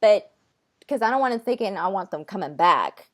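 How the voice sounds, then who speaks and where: A woman channeler talking casually, nervous and halting, with many fillers and restarts, relaying an unseen being's words in her own voice. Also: medium pitch, animated, a bit bright. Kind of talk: casual conversation.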